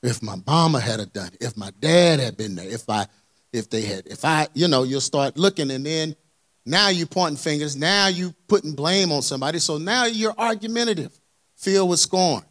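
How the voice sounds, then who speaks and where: A man preaching a sermon in a colloquial, animated way, asking the congregation for amens. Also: a little high, normal speed. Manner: colloquial, dropped verbs and y'all.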